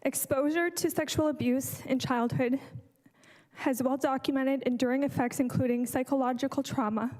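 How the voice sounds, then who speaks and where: A woman's voice: high-pitched, a little mellow. A woman reading a prepared statement to a city council as a public delegate, earnest and stopping to correct herself. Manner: earnest, apologizes and corrects herself mid-sentence. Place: council chamber lectern. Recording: reverberant council chamber.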